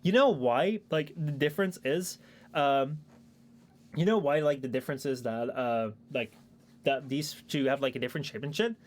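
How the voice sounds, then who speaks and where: A man's voice: medium pitch, normal speed. A young man chatting casually on his stream, rambling with lots of fillers and casual swearing, into a shotgun mic at his home desk. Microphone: shotgun microphone at a streaming desk.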